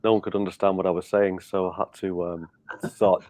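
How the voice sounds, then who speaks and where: A middle-aged man from Liverpool with a softened Scouse accent, rambling in casual chat with many restarts. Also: low-pitched, level tone, brisk, crowd noise. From Liverpool, England. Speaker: guest.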